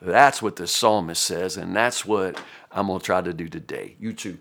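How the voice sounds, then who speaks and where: A man's voice: low voice, moderate pace, vocal fry, a bit bright. A man giving a casual devotional Bible teaching, folksy and emphatic, with frequent fillers.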